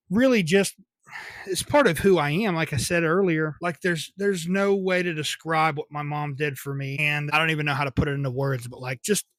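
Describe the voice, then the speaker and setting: Young dude rambling about growing up, kinda high voice, swears a lot, dead dry mic. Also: male voice, fairly bright tone, dry recording. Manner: rambling, frequent swearing, laughing at his own stories. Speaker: podcast host. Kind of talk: casual solo storytelling.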